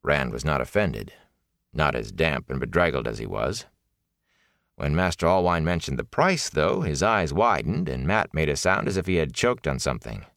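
Deep-voiced male audiobook narrator. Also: big pitch swings, moderate pace, a bit bright, dry recording, clean studio sound. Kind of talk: scripted fantasy narration.

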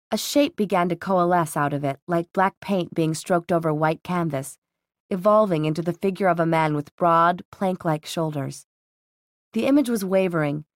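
A woman narrating an audiobook in a steady, even storytelling manner. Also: on the low side, dry recording, studio quality. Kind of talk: scripted narration.

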